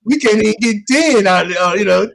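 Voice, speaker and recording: A man co-hosting a casual sports chat, telling an animated story and acting out the dialogue, with casual, slangy speech. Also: high-pitched, brisk, gravelly, rough recording. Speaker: podcast co-host.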